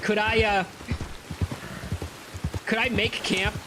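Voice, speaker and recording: A man's voice: high voice, little pitch movement, slow, background noise. A man casually commenting on his playthrough of a game, chatty and joking. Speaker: let's play gamer.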